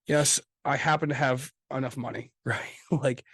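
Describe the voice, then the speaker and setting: A man co-hosting a casual podcast chat, swearing freely and talking with loud emphasis. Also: medium pitch, fairly even intonation, normal speed, breathy edge, no echo. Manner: profane, emphatic, gets loud. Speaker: podcast co-host.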